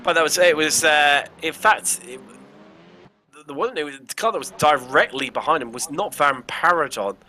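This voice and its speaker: Brief: West Country English male race caller, higher voice, excitable, self-correcting, engine noise clearly behind. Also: normal speed. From England. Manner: excitable, jokey, trips over words then corrects himself. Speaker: race commentator. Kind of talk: sim racing commentary.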